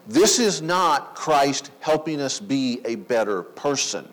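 Slow, emphatic male preacher. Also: mid-range voice, lively intonation, fairly bright tone, poor audio. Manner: slow, emphatic preaching with dramatic pauses and rhetorical questions. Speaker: pastor. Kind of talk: sermon.

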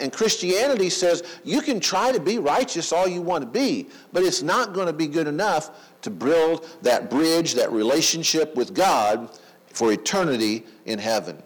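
A man preaching a sermon, emphatic, with dramatic pauses and rhetorical questions. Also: on the high side, low-quality recording. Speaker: pastor.

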